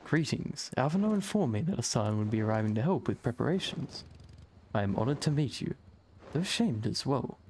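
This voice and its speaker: A man's voice: mid-range voice, sing-song, brisk, a little mellow, slight background noise. A man reading as a courtly warrior father. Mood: courteous. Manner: formal, courtly phrasing. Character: dignified formal adult male warrior father.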